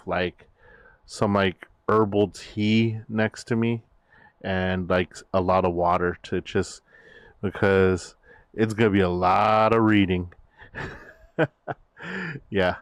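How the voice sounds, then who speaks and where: A man's voice: lowish voice, fairly even intonation, slow, no echo, studio quality. A man chatting casually on his stream, rambling with many fillers and restarts. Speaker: VTuber streamer.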